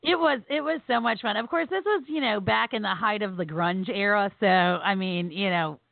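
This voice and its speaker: A woman's voice: medium pitch, normal speed, gravelly, no echo. A woman co-hosting a podcast, telling funny family stories with laughter and acted-out quotes, recovering from surgery and on pain meds. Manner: animated, laughing storyteller acting out quotes. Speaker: podcast co-host. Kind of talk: casual storytelling chat. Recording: tinny phone-like line.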